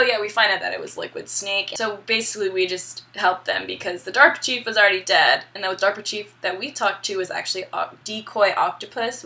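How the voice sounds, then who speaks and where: A woman's voice: mid-range voice, creaky, pushed and bright. A young woman casually recapping a video game story, chatty and upbeat with some swearing. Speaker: gaming video host.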